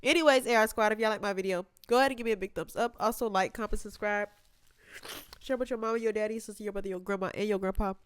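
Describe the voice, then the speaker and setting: A woman's voice: mid-range voice, steady tone, quick pace, smooth, no echo. A young adult woman hosting a reaction video, chatting casually and with heart, talking straight to her viewers. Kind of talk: casual emotional reaction chat.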